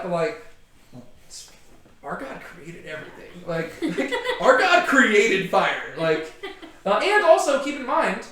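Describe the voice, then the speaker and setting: A man leading a casual group Bible study, chatty and animated, acting out quotes and asking the group questions. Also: high-pitched. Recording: echoey room.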